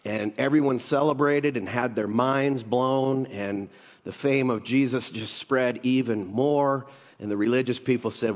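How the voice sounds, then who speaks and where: A man's voice: medium pitch, a little slow. A middle-aged man preaching a sermon in a conversational storytelling way, mixing jokes and asides into his teaching. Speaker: pastor. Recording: long hall reverb.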